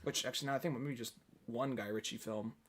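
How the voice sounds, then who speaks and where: A man's voice: mid-range voice, fairly even intonation, fast talker, a crowd in the background. A young man co-hosting a podcast, chatting casually and profanely about movies, rambling and quoting actors in put-on voices. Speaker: podcast co-host.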